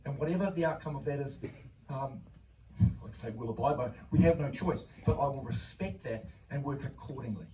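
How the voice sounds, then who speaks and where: A man with a New Zealand accent giving a measured candidate's speech at a public meeting, pausing on fillers. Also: mid-range voice, mellow, slight background noise. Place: club hall at a public meeting. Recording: echoey hall, mic from far off.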